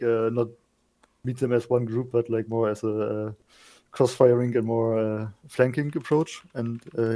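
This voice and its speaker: A man on a competitive team answering interview questions in a relaxed, easygoing way with light laughs. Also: medium pitch. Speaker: team player being interviewed. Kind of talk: casual esports interview.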